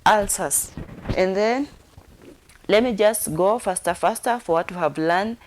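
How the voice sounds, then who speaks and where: A woman's voice: medium pitch, slight background noise. A woman teaching sign language, repeating each word and spelling it out letter by letter. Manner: slow, repetitive, spells words letter by letter.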